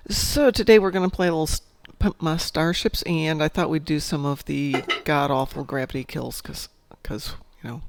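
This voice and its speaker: A woman hosting a casual gaming chat, a chatty storyteller who talks in an animated, jokey way. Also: sits low, moderate pace, few pauses, slight background noise. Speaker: stream host.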